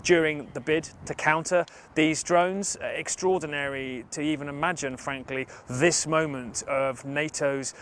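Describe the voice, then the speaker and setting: A male news correspondent giving a measured, formal field report from a city street. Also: a little high, fairly even intonation, fairly bright tone, slight background noise.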